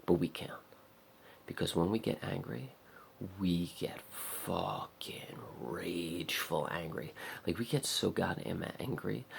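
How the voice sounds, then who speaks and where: A man's voice: low voice, vocal fry, slight background noise. A young man in a raw personal vlog, rambling and swearing in frustration. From America. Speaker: vlogger.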